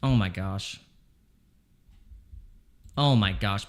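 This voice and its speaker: A man's voice: medium pitch, animated, measured pace, sharp tone. A man streaming his crypto trades live from home, talking anxiously and pleading over and over with the market. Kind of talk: live trading stream commentary.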